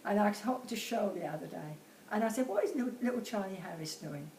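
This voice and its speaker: A woman's voice: medium pitch, expressive, a little fast, darkish tone, recorded from a distance, slight background noise. Elderly Cockney woman, roomy and off-mic. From Bermondsey, London. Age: about 80. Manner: chatty, laughs easily, reminiscing. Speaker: interviewee, host's mother. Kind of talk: casual chat. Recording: roomy, off-mic with faint ambience.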